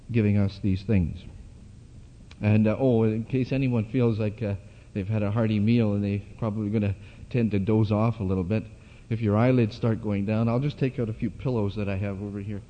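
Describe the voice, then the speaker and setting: A man preaching a sermon at a church gathering, speaking haltingly with many fillers and restarts. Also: lowish voice. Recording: dull lo-fi hall recording.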